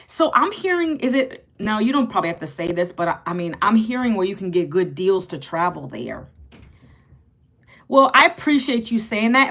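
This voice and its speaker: A woman's voice: medium pitch, a bit bright. A woman in her forties from Virginia, chatting casually on a phone livestream as she greets viewers by name and reads their comments. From Virginia, United States. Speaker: livestream host.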